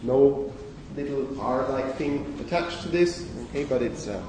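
A man's voice: medium pitch, lively intonation, a little slow, warm tone, recorded from a distance, slight background noise. Male lecturer in an echoey hall. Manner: explanatory, addresses students with frequent okays. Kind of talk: university phonetics lecture.

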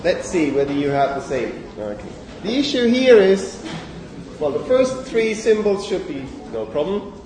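Guy lecturing in a big echoey hall, mic far off, mellow voice, keeps asking "okay?". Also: sits high, sing-song, measured pace, noisy background. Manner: explanatory, addresses students with frequent okays. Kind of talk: university phonetics lecture.

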